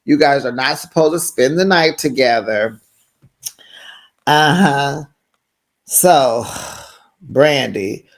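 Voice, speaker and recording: A reality TV recap host giving casual, animated commentary, laughing often and slipping into voices when quoting people. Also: medium pitch, takes it slowly, long pauses.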